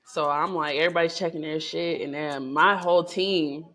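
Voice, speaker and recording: A woman vlogger chats straight to her viewers in a loose, profane storytelling style. Her voice jumps up in pitch and volume when she gets excited, then sinks low and quiet for asides. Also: normal speed. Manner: animated, profane, chatty storytelling with swings in pitch and loudness. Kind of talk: casual storytelling to camera.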